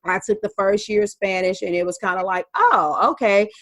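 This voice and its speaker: A woman, telling an animated story about learning Spanish. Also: mid-range voice, fast talker, no room sound. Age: 40s. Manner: lively, animated storytelling with quoted voices. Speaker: podcast host and Spanish learner. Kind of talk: testimonial talk.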